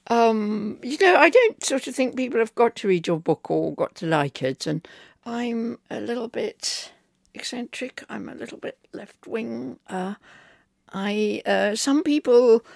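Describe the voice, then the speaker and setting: A woman's voice: on the high side, expressive, slow, gravelly, darkish tone, dry recording, studio quality. An older woman from England, a novelist being interviewed, telling rambling anecdotes with fillers. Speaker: novelist guest. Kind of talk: conversational interview.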